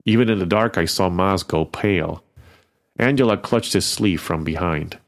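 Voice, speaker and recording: A man reading first-person fiction in a wry, expressive storytelling manner. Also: sits low, moderate pace, gravelly. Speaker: narrator.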